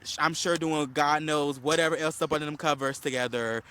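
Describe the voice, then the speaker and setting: A man's voice: a little high, a little fast, clear, resonant tone. A man co-hosting a podcast, casually recapping a reality show, acting out quotes with lots of fillers and a slight cough. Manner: animated storyteller, acts out quotes, many fillers. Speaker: podcast co-host.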